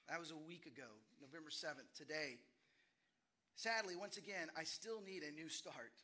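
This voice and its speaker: A man's voice: on the high side, normal speed. A man, a pastor, preaching an earnest sermon in short emphatic phrases, often repeating a line for weight. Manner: reads aloud from his journal in a quieter, reflective tone.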